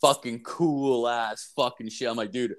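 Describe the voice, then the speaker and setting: A young man co-hosts a podcast, his medium-pitched voice unhurried and fairly even in intonation. Casual talk dominates as he shares crude stories, peppered heavily with swearing and filler words.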